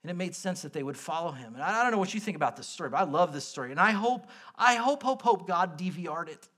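A man preaching a sermon in a conversational, animated way, full of quick asides to his listeners. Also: sits high, husky. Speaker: pastor.

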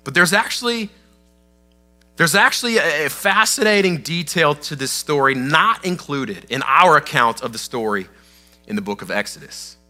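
Bright-voiced man preaching a casual sermon. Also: fairly high pitch, normal speed. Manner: conversational, animated storytelling with casual asides. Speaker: pastor.

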